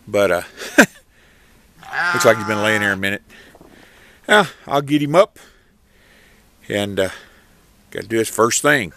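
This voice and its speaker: With a lowish, expressive voice, this man takes his time, leaving long pauses, and a faint hiss or hum sits under the recording. He's a rural homesteader vlogging his chores in an animal pen, talking to the animals between explanations and calling the dogs loudly.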